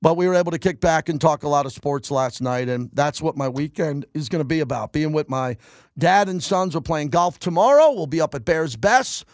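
A man's voice: a little high, animated, a little fast, no echo, studio quality. A man hosting a sports radio show, delivering an opinionated monologue in an emphatic style and repeating lines for punch. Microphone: studio microphone.

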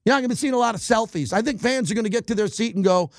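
Fired-up high-voiced sports talk host. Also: male voice, very fast, dry recording, clean studio sound. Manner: animated, emphatic, ranting. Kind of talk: opinionated sports talk monologue.

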